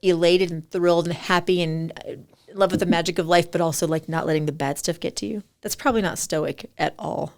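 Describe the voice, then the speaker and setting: Animated woman with a low voice, laughing. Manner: animated, laughs often, quick restarts. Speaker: podcast guest. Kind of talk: casual interview chat.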